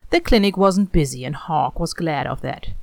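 A woman narrating a story aloud in an expressive, animated reading style. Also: low-pitched, moderate pace, creaky, dry recording.

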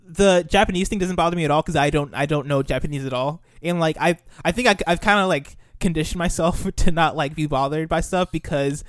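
A young man of Nigerian family co-hosting a podcast in casual chat, easygoing, laughing often and trailing off into soft asides. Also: a little high, brisk, few pauses, dry recording, clean studio sound. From Nigerian family, raised in the US. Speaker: podcast co-host.

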